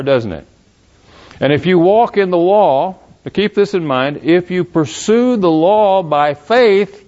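A man works through scripture verse by verse, asking pointed questions and rereading passages. His voice sits a little high, and the recording sounds dull and lo-fi. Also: a little mellow. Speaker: Bible teacher. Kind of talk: verse-by-verse Bible teaching.

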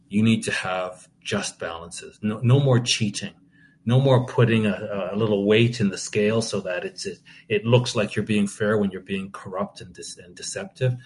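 Impassioned lower-voiced male preacher. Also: slight background noise. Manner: impassioned, indignant, with repeated restarts. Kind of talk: sermon.

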